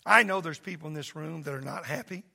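Gravelly preacher, shouting then soft. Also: male voice, a little high, fast talker. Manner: preaches loud and impassioned, then drops to a soft earnest plea. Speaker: pastor. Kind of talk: sermon. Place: church sanctuary.

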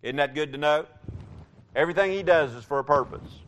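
A man preaches a sermon with a slightly raised pitch, leaning hard on repeated phrases. He moves between hushed, earnest stretches and loud, emphatic declarations. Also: brisk.

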